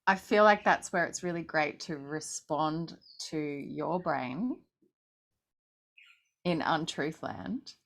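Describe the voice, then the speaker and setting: A woman co-hosting a podcast, reflecting back in a calm, affirming coaching manner during casual chat. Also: low-pitched, takes it slowly, gravelly.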